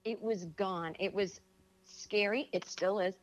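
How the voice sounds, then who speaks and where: A woman in the middle of her pitch range speaks as a guest in a relaxed chat. She talks frankly and reflectively, often hesitating as she works through her thoughts. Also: a little slow. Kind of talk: casual conversation.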